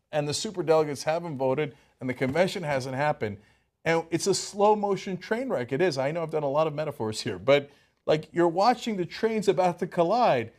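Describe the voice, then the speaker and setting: Worked-up male political show host. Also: high-pitched. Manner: animated, worked-up ranting. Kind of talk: political commentary.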